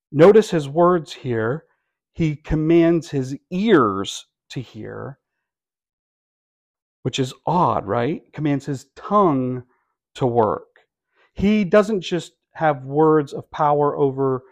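A pastor with a medium-pitched, slightly mellow voice preaches a sermon conversationally, tossing wry asides and rhetorical questions to the congregation.

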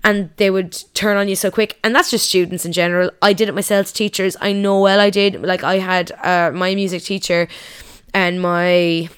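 A woman's voice: mid-range voice, fairly even intonation, moderate pace, a bit bright, clean tone. A young woman, talking frankly and candidly to her viewers in a casual, sweary monologue.

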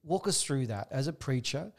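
A man's voice: mid-range voice, animated, moderate pace. A man interviewing a preacher, asking thoughtful questions and often murmuring agreement. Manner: attentive, frequent soft murmured agreement.

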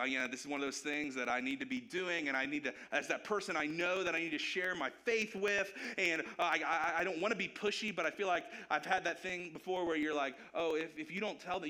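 Male pastor, bright and higher-pitched, animated and jokey, sermon from the stage. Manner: animated, joking, conversational.

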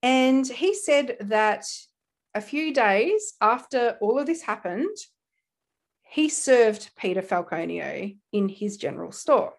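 An Australian woman co-hosting a casual true-crime podcast, telling the story with animated asides and frequent laughs. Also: fairly high pitch, slow. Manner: animated storyteller, laughs often, slips into quoted voices. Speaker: podcast co-host.

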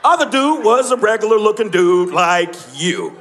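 A man's voice: sits high, big pitch swings, normal speed, fairly bright tone, soft background music. A male stand-up comedian performing live on a club stage, brash and profane, needling the audience between jokes. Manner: brash, profane, confrontational with the crowd. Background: audience laughter and room ambience.

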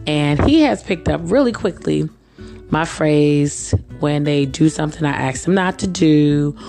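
A young woman hosting her own podcast, chatting casually and laughing often, her voice a little hoarse from allergies. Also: deep voice, animated, unhurried, a little mellow, soft background music. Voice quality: slightly rough voice. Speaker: podcast host. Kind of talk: casual storytelling monologue.

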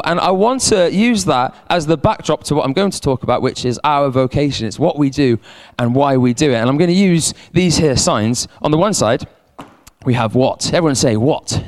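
A man preaching a sermon as a pastor, animated, repeating words and calling on the congregation to respond. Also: fairly high pitch, moderate pace. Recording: long hall reverb.

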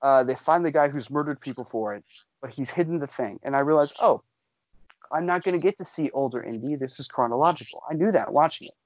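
A man hosting a casual podcast, excitedly recapping a show for friends and swearing freely. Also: a little high, fast, dry recording, rough recording.

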